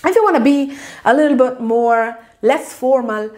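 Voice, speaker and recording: A woman with a Palestinian Arabic accent leads an online language lesson, her voice sitting a little high. She is animated and patient, slowing down to repeat words for learners. Arabic is her native tongue. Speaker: Arabic teacher.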